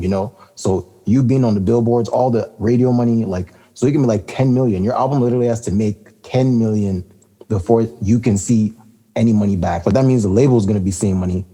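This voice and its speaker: A man's voice: lowish voice, dark tone, husky. A man co-hosting a casual hip-hop podcast, talking in a laid-back, rambling way with lots of fillers and laughter. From Canada. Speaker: podcast co-host.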